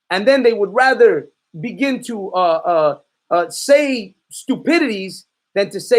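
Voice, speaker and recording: A man's voice: high-pitched, expressive, a little slow. A man preaching in a fiery, confrontational way, calling out his listeners and giving commands to a reader. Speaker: street preacher.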